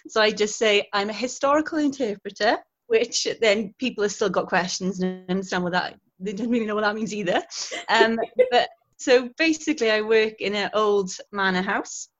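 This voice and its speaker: A woman's voice: mid-range voice, moderate pace. Chatty laughing woman on a dull recording. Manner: chatty, laughs often, animated storytelling. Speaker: guest, historical interpreter. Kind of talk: casual interview chat.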